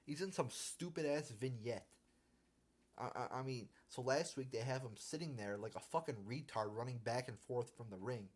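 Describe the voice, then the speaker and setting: A man's voice: medium pitch, moderate pace. A young man ranting casually on a live stream, profane and irritated, full of restarts and stumbles. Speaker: wrestling commentary vlogger.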